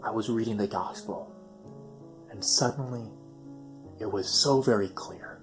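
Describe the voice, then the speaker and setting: A young man telling a personal story in an animated way, swinging from loud excitement to near whispers. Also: lowish voice, moderate pace, over music.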